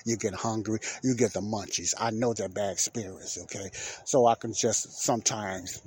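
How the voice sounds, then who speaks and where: A man's voice: fairly low pitch, steady tone, normal speed, darkish tone, slightly rough. A man hosting a podcast, telling a casual story in a rambling way that keeps circling back with "well, anyway.". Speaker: podcast host.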